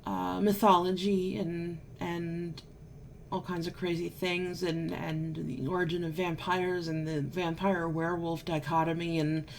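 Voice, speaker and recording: A woman's voice: lowish voice, flat delivery, a little slow, vocal fry, a little hiss or hum. A woman vlogger telling a story casually to camera, chatty and sarcastic, still a bit unwell.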